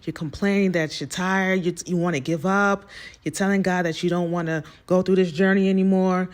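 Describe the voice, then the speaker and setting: Female host, personal storytelling, animated delivery. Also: fairly low pitch, normal speed. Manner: animated, addresses listeners as y'all. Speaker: podcast host telling her story.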